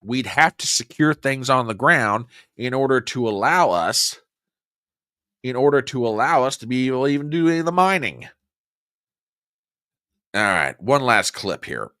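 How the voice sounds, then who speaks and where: A man's voice: medium pitch, very animated, normal speed, long pauses, sharp tone, no room sound. Sarcastic guy ranting through the news, voice jumping all over, super dry close sound. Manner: combative, sarcastic, easily worked up. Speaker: political commentary host. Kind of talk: opinionated news commentary.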